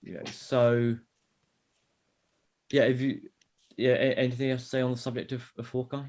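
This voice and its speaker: A man co-hosting a fan podcast in easy, casual chat. He rambles, restarts his sentences and jokes around, speaking at an ordinary mid pitch. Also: flat delivery, normal speed, darkish tone. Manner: rambling, many restarts and fillers, jokey. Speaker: podcast co-host.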